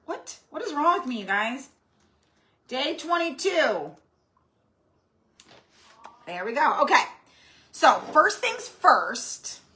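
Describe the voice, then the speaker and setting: This woman's voice sits high and sounds pushed and bright, very animated yet slow, with frequent pauses. Hosting a live-stream craft tutorial for her craft channel, she rambles chattily and greets viewers by name.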